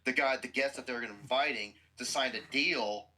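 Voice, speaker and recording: A man's voice: medium pitch, moderate pace, sharp tone, poor audio. A man hosting a podcast who gives a blunt, profane movie review with explosive outbursts.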